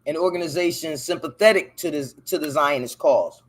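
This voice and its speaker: A man's voice: fairly high pitch, brisk, hardly any pauses, fairly bright tone. A man hosting a casual solo show, reading a text aloud and breaking off to comment in loose, profane slang, stumbling over hard words. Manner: loose, profane, talks back to the text he reads. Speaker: podcast host.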